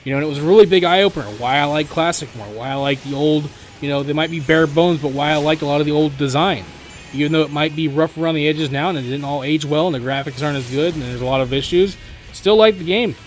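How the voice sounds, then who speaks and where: A young man rambling casually to his viewers, with many fillers and restarts. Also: faint music behind. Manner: mimics other players in quick high voices. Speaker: gaming YouTuber. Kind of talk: casual spoken monologue.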